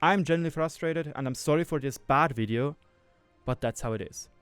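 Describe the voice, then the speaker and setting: A man's voice: a little high, fairly quick, smooth, dry recording, faint music behind. A man, a gaming video maker, ranting with frustration and swearing, repeating himself as he vents. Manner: frustrated, profane, repetitive ranting. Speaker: gaming YouTuber. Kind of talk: ranting commentary.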